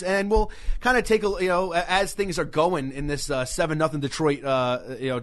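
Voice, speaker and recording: A man's voice: a little high, a bit bright. A man co-hosting a casual sports radio show from a small studio, rambling and self-deprecating, often stammering and restarting.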